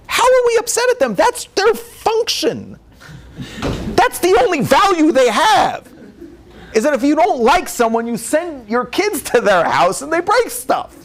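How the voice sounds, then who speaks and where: A rabbi gives a humorous lecture, telling family stories in an animated way, acting out the dialogue, and laughing often. His voice is on the high side, with a little hiss or hum in the recording.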